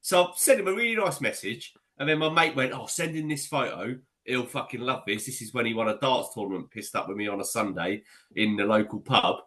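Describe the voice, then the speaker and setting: A man co-hosting a podcast, telling animated, sweary stories in casual chat. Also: mid-range voice, a little fast. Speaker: podcast co-host and amateur footballer.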